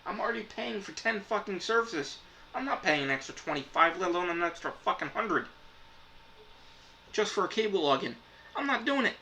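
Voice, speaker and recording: A man with a slightly raised, sharp and forceful voice tears into his subject in a heated rant. He swears in nearly every sentence and sounds fed up. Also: high-pitched, lively intonation, a little fast, creaky, slight background noise, low-quality recording. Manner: frustrated, swears constantly. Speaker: reviewer. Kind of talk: profane ranting review.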